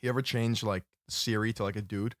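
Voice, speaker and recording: A man's voice: on the low side, steady tone, brisk, no echo. A man co-hosting a podcast, joking in laid-back banter and reading a listener's letter aloud, close to the mic. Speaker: podcast co-host.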